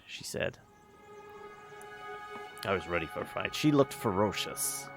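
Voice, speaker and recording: Man, gravelly voice, reads game text aloud, stumbles and corrects himself, faint music underneath. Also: deep voice, lively intonation, fairly bright tone. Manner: halting reading with many fillers and self-corrections. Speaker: streamer reading a visual novel aloud.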